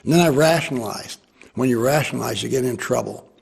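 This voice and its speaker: An older American man telling a war memory to an interviewer, lively and acting out the people he quotes. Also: medium pitch, fast, gravelly. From United States. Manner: animated storyteller who voices quoted people. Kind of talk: storytelling.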